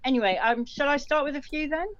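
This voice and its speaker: A woman hosts a casual online get-together, reading out listeners' jokes one after another and stumbling over a word now and then. Her voice sits a little high. The sound is dry and somewhat muffled, like a lo-fi call recording. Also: quick pace, dry recording. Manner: chatty, reads jokes aloud with small slips and restarts. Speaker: host telling listener jokes.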